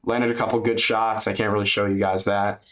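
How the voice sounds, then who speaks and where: A man's voice: fairly low pitch, level tone, a little fast, fairly bright tone. A man giving a loose, chatty fight recap on his channel, swearing and dropping man and dude, speaking into a webcam. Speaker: MMA YouTuber.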